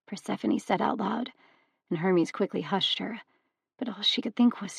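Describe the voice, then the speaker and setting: Gravelly low-voiced woman narrating. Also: steady tone, moderate pace, darkish tone, no echo, clean studio sound. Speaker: audiobook narrator. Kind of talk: scripted narration.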